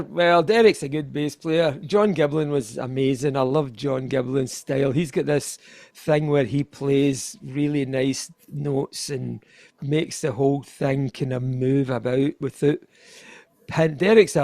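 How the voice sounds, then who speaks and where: A man's voice: medium pitch, measured pace, darkish tone, no echo. An older Scottish man chatting as a guest on a video-call interview, rambling and self-deprecating, laughing often. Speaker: guest musician. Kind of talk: casual interview chat.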